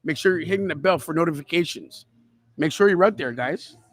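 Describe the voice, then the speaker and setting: A man's voice: on the high side, brisk. A man hosting a podcast, giving rambling, chatty live football commentary from a restaurant and calling his listeners kids. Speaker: podcast host.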